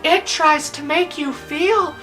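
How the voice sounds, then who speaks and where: A woman's voice: high-pitched, slow, pushed and bright, soft background music. A woman movie reviewer ranting through a countdown of bad films, exasperated and profane.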